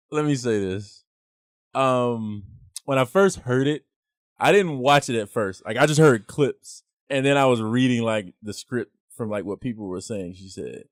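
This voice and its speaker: A young man hosts a casual podcast and argues his side in a laid-back but animated way. He leans on slang and stacks up rhetorical questions to press his point. His voice sits mid-range, close and dry on the mic. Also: mid-range voice, unhurried, no room sound. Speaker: podcast host.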